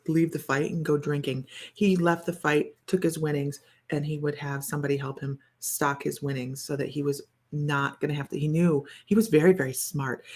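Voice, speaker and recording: A woman's voice: deep voice, a little mellow. A woman doing a casual psychic reading to camera, thinking aloud in a meandering, chatty way with many fillers and self-corrections. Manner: relays impressions in a wondering, chatty tone. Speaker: psychic reader.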